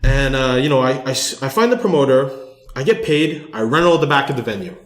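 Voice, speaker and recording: In an echoey room, a podcast host with a mid-range, animated voice tells a story a little fast. He curses often and leans heavily on "like" as filler.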